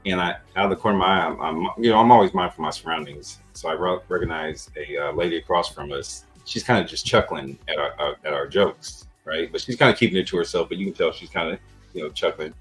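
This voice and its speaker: A man's voice: low-pitched, fast, fairly bright tone, soft background music, rough recording. A man hosting a podcast, telling a rambling story in a laid-back, profane, casual way. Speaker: podcast host.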